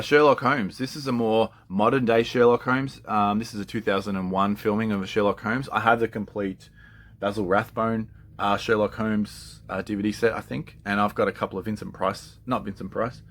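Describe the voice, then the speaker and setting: A collector chats casually and enthusiastically, often laughing and swearing freely. His voice is on the low side, with fairly even intonation, a moderate pace, and a fairly bright tone.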